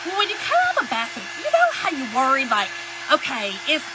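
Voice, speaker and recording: A woman's voice: high voice, huge pitch swings, fast. A woman, telling a folksy story in a chatty way while she crafts and greets viewers during a live stream. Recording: hair dryer noise in background.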